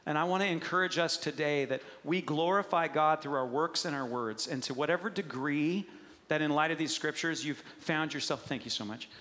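A man preaching a sermon to a congregation in earnest, conversational tones that grow quiet and gentle in prayer. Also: fairly high pitch, normal speed. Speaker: pastor. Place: church sanctuary. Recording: hall reverb.

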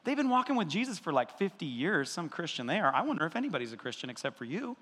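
A preacher doing a sneering accuser spirit. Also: male voice, fairly high pitch, sing-song, quick pace, a bit bright, big-room sound. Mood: mocking. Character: sneering male accuser spirit, Satan, nagging and self-righteous.

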